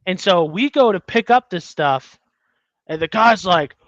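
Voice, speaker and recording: A man's voice: high voice, unhurried, no echo, lo-fi sound. A man co-hosting a podcast, telling a story in casual chat and acting out the people in it. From United States. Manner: animated storyteller, acts out quotes. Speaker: podcast co-host.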